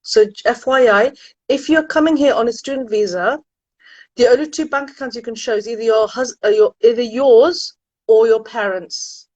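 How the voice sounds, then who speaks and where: Woman admissions consultant chatting on a live from home, kinda high voice, dry sound, lots of exclamations. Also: moderate pace, no room sound, dull audio. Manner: chatty and animated, frequent exclamations. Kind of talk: casual live stream chat with viewers.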